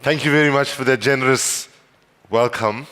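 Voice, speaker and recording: A man's voice: medium pitch, normal speed, a bit bright, slight background noise. South African man speaking in a hall. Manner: storytelling, wry humor, rising to emphatic passion. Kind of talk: conference speech with anecdotes. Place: large conference hall. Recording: long hall reverb.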